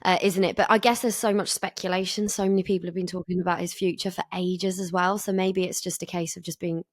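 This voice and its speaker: A woman's voice: lowish voice, flat delivery, quick pace, no room sound, studio quality. A woman co-hosting a podcast, talking in a direct, teasing, conversational way. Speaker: podcast co-host. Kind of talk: casual chat.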